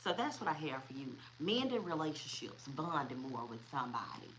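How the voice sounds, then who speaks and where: Woman, tarot reader, chatty, repetitive, low-pitched, faint background hiss. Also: sing-song, a little fast, poor audio. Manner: chatty, repeats herself, laughs often. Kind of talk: casual tarot reading.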